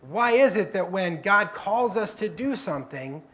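A man's voice: high voice, animated, normal speed, a bit bright, a little hiss or hum. A man preaching a sermon, telling the Bible stories in a conversational way and acting out the quoted lines. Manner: conversational, acts out quoted prayers and dialogue. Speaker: guest preacher. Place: church.

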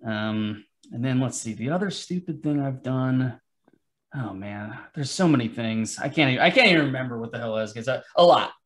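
A man's voice: medium pitch, animated, a little fast, a bit bright. Male podcast guest, mid-range voice; loose, rambling, self-deprecating, swears. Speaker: podcast guest, comic artist. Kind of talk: casual podcast chat.

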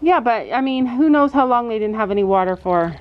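A woman's voice: on the high side, expressive, fairly quick, dull audio, slight background noise. A woman vlogging as a mom outdoors at a horse barn, chatting casually and explaining her gear to viewers. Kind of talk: casual vlog chat.

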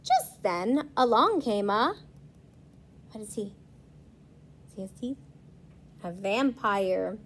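With a medium-pitched voice and a little hiss or hum in the recording, a woman working as a preschool teacher reads a picture book to young kids, pausing to ask them questions in a slow, lively telling.

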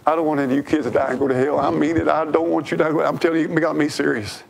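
A man's voice: a little high, little pitch movement, racing, vocal fry, slight background noise. A man preaching a sermon from the pulpit, emphatic and fervent, repeating his phrases for weight. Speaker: pastor. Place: church.

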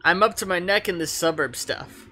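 A man's voice: high voice, moderate pace, sharp tone, slight background noise. A man reading the lines of an easygoing teenage boy gamer from a comic in a casual, laid-back way. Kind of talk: reading comic dialogue aloud.

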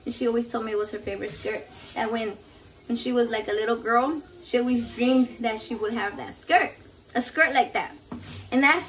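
A high-voiced Mexican-American woman talks in a chatty, foul-mouthed, rambling way as she cooks. She sits a little back from the mic in a home kitchen, with a faint hiss behind her. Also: fairly bright tone. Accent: Mexican-American, mixing in Spanish. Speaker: cooking vlogger. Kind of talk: casual cooking vlog chat. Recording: slightly distant mic, faint background noise.

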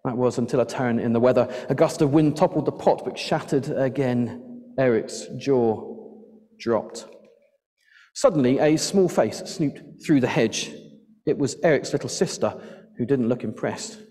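A man reading a rhyming children's story aloud in a church, lively and expressive. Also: medium pitch, unhurried. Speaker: church children's address leader. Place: church sanctuary. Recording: long church reverb.

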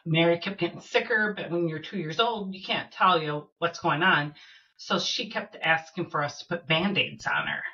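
A middle-aged woman from Minnesota telling a personal story as a podcast guest, earnest and halting with fillers and restarts. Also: fairly low pitch, pushed and bright, muffled recording.

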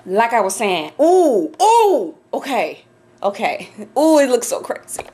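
A woman's voice: medium pitch, lively intonation, moderate pace, a little mellow, slight background noise. A woman vlogging to camera from her home office, swearing, laughing nervously and shrieking in fear. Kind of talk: casual vlog to camera.

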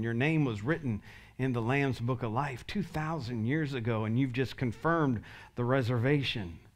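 A male pastor giving an earnest sermon altar call, leading the congregation in prayer line by line. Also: mid-range voice. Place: church sanctuary.

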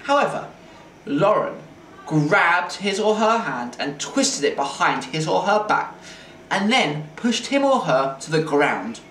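A man reading a children's chapter book aloud in an expressive, playful way, like a teacher at story time. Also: sits high, slow. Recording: roomy, distant mic, faint hiss.

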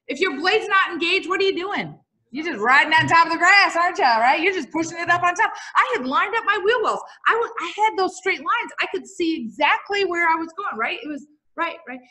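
A middle-aged woman lectures a class, her voice high and bright. She moves around and tells stories with lively energy, and keeps asking the students questions. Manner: lively, bouncy, quizzes the audience. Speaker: teacher.

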